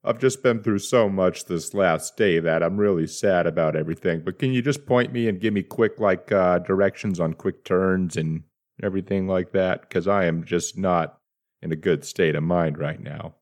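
A man's voice: sits low, moderate pace, a little mellow. A man, a player in a tabletop game, speaking in character with exaggerated pleading.

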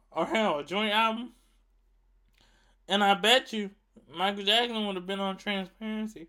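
A man's voice: high voice, steady tone, moderate pace, pauses often, sharp tone, clear, resonant tone. A man giving a casual rant to his viewers, emphatic and profane, repeating himself for effect. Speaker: vlogger.

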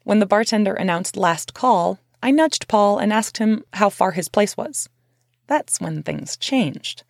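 A woman's voice: medium pitch, animated, a little slow, gravelly, no echo, clean studio sound. Candid woman narrating a memoir. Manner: candid, conversational, profane.

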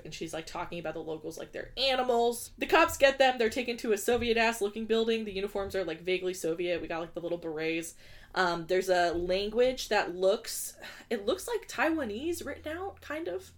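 A woman casually recapping a film plot on a podcast, animated and often laughing. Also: medium pitch, brisk. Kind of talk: casual chat.

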